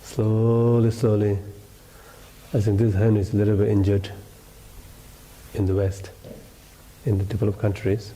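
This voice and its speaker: A man whose first language is Tibetan gives a gentle dharma talk as a meditation teacher, in simple broken English. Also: lowish voice, flat delivery, normal speed, long pauses, slight background noise, low-quality recording.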